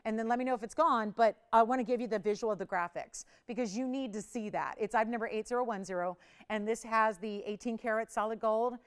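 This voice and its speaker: Smooth-voiced woman hosting a live sales pitch. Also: fast talker. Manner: urgent, pushy countdown pitching; chatty and confiding. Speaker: shopping channel host.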